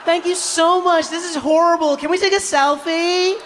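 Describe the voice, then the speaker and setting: A man voicing a gushing, clueless group of tourists who talk in a breathless, drawn-out way. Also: very high-pitched, fairly even intonation, fairly bright tone, slight background noise, pitched above the performer's own voice.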